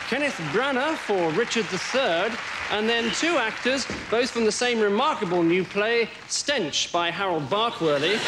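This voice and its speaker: A man playing a formal awards-ceremony presenter who reads out nominees and calls up a winner, on a live stage. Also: sits high. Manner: formal announcer delivery. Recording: live stage recording with audience and hiss.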